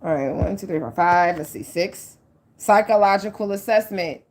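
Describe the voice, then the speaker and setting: With a lowish, darker-toned voice at a moderate pace, a woman offers a casual tarot reading to her audience. She addresses them earnestly and head-on, cursing openly and peppering her speech with "like" and "okay."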